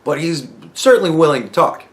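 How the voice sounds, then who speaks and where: A man's voice: a little high, expressive, brisk. A man hosting a podcast who talks in a casual, profane monologue and acts out other people's replies. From United States. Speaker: podcast host.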